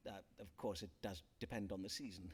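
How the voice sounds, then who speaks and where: An actor playing a pompous Elizabethan physician-astrologer who speaks in archaic, hesitant, flowery phrases in a video game. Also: male voice, lowish voice, fairly even intonation, fairly quick, husky. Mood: grave. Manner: florid, archaic, hesitant bedside manner.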